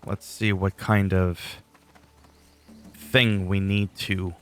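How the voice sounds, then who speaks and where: Male gamer, lowish voice, laid-back rambling commentary with dry sarcasm. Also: level tone, takes it slowly, over music. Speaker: gameplay commentator. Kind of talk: casual gameplay commentary.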